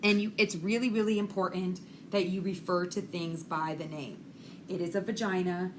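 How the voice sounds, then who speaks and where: A woman's voice: fairly low pitch, steady tone, normal speed, slight background noise. A middle-aged woman giving a recorded lecture on child development as an instructor, talking frankly and chattily with many fillers.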